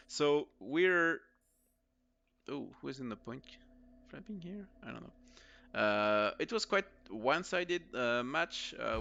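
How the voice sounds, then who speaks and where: A man's voice: mid-range voice, gravelly, a bit bright, a little hiss or hum. Tired French man casting a game. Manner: tired, rambling with many fillers. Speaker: esports caster. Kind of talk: live game commentary.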